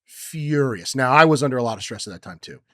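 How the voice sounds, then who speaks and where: A young man co-hosting a podcast who tells a personal story in a rambling way, with many ums, and acts out quotes loudly. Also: medium pitch, animated, quick pace, no echo, studio quality. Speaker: podcast co-host. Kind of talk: casual chat, personal story.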